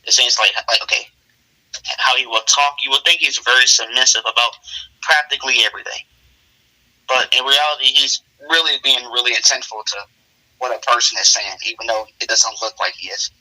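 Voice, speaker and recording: A man narrates an improvised story in casual chat, wandering through details with frequent fillers. His voice is very bright and crisp. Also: mid-range voice, a little fast, poor audio. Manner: relaxed, rambling narration with many fillers.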